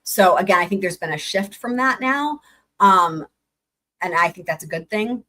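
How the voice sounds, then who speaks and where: A woman's voice: medium pitch, lively intonation, moderate pace, sharp tone. A woman streaming live trial commentary, reading legal filings aloud and breaking in with incredulous, sarcastic asides.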